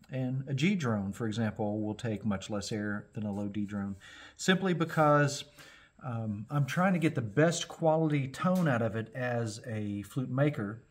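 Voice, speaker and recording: A middle-aged man making a flute, giving a casual, rambling workshop tutorial in a folksy way. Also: medium pitch. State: a little out of breath. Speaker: flute maker and channel host.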